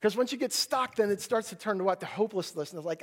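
A male pastor preaching a sermon, telling a personal story with animated delivery and acting out his own panicked voice. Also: high-pitched, quick pace, few pauses.

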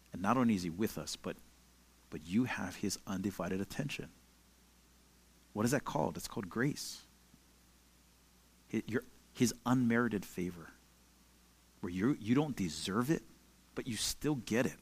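A young pastor with a fairly low, husky voice preaches a casual, conversational sermon. He tells stories in a relaxed way, filling his speech with lots of "like" and "you know."

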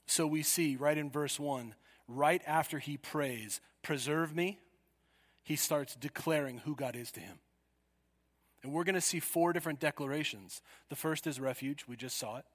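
A man preaching a sermon, emphatic and full of rhetorical questions, swinging from loud declarations to hushed asides. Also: a little high, normal speed. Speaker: pastor. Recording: long hall reverb.

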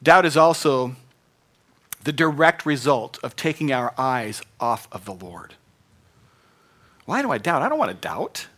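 A man's voice: medium pitch, big pitch swings, a little slow, pauses often, a bit bright. A middle-aged man preaching a sermon in an earnest, conversational way, rising to bursts of emphasis. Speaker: pastor.

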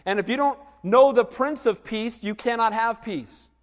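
A middle-aged man preaching a sermon, telling lively stories and asking the congregation questions. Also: very high-pitched, moderate pace, big-room sound. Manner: animated storytelling with asides to the congregation. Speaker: pastor.

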